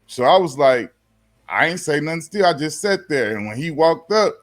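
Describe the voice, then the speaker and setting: A man's voice: on the high side, lively intonation, normal speed. A man in his forties, a former pro athlete, telling a story in loose, slangy talk and acting out both sides of the exchange. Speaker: podcast guest, former pro basketball player. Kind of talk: casual storytelling.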